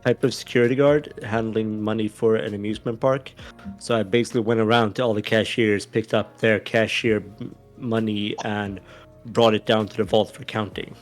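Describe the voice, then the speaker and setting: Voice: mid-range voice, steady tone, normal speed, soft background music. A podcast guest on a livestream, laid-back, mostly offering short agreeing replies, up in the very early morning. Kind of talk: casual livestream chat.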